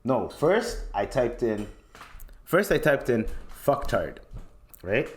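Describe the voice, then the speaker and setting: A man in his late twenties hosting a podcast, telling a story as a casual, profane rant. His voice leaps up high whenever he gets worked up. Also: big pitch swings, slow. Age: late 20s. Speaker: podcast host.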